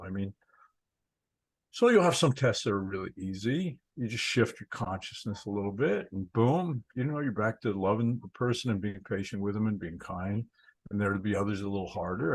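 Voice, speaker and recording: Gravelly-voiced man giving a spiritual talk. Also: lowish voice, rough recording. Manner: storytelling, conversational, repeats words while thinking. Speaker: spiritual teacher.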